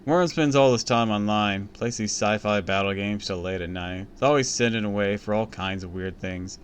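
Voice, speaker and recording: A man's voice: on the low side, moderate pace, slight background noise. A man reading a children's book aloud on a stream, breaking off with crude, joking asides. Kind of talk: casual read-aloud with commentary.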